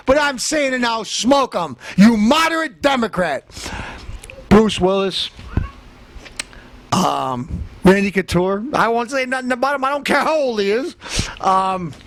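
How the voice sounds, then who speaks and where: A man hosting a comedy show, ranting in a boastful tough-guy manner, threatening to beat everyone up and breaking into shouts. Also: very high voice. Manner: bursts into shouting. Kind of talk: comic tough-guy rant.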